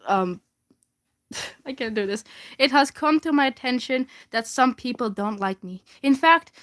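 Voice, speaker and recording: A young woman with a high voice reads her old fanfiction aloud for laughs at a moderate pace, giggling and tripping over the words.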